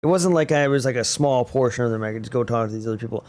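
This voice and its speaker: A man's voice: medium pitch, racing, darkish tone. A young man co-hosting a podcast, talking bluntly in casual chat and swearing a lot. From Arizona. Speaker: podcast co-host.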